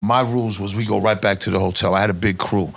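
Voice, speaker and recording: A man with a Boston accent, an interview guest telling a long story in a casual, profane, animated way. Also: quick pace, gravelly. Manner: animated, profane street storytelling, rises in pitch when reliving tense moments.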